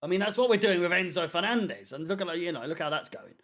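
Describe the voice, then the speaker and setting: A man talks casually to a live chat, loose and rambling with plenty of ums. His voice sits a little high for a man. He swears offhandedly as he goes. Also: expressive, quick pace, fairly bright tone. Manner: rambling, chatty, swears casually, many fillers. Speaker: fan channel watchalong host. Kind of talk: casual live-stream chat reading comments.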